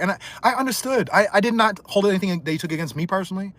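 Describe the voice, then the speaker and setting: A man ranting angrily on a livestream, hurling insults and swinging between loud outbursts and muttered asides. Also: sits high, very fast, few pauses. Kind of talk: heated livestream rant.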